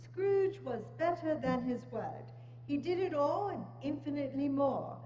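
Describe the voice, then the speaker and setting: A woman narrating a dramatic reading in a church, measured, with slow, weighty emphasis. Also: sits high, lively intonation, dark tone, a little hiss or hum. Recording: echoey church hall, dull sound.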